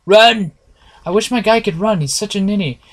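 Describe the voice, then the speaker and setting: A man's voice: high-pitched, moderate pace. A man giving nervous, jumpy commentary while playing a horror game, talking to his viewers and swearing often. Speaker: gameplay streamer.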